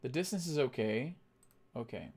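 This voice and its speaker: A young man on a casual live stream, thinking aloud as he works and chatting back to his viewers, with lots of halting fillers and restarts. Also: mid-range voice, animated, darkish tone. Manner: thinks aloud, reads chat and answers it.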